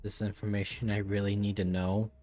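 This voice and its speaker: A male streamer with a lowish voice mixes offhand, profane quips with dramatic readings of the game's story text. Faint game music plays under him. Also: flat delivery, brisk, dark tone. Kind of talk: gameplay commentary and reading game text aloud.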